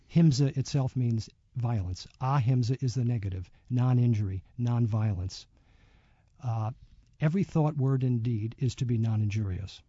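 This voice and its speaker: A man being interviewed as a yoga teacher, speaking reflectively and telling a story with many pauses and fillers. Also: mid-range voice, warm tone, breathy edge, no echo, lo-fi sound. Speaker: yoga teacher and author, guest. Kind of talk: radio interview.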